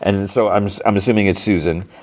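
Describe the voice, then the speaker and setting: A middle-aged man hosting a podcast, retelling an episode in a rambling, animated way with lots of fillers and restarts. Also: fairly low pitch, a little fast. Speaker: podcast host. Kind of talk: casual episode recap.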